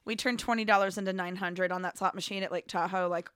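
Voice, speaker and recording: Bright, clear-voiced woman cracking wry jokes. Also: medium pitch, fairly even intonation, fast talker, no echo, studio quality. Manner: wry, joking asides, swearing. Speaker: podcast co-host. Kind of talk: casual chat.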